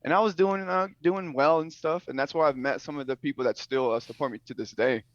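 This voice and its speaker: A young man and former soldier, a guest telling his story in a relaxed, laid-back way with many fillers, heard over a call. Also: a little high, a little fast, no room sound. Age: young adult. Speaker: guest streamer. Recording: dull lo-fi call audio.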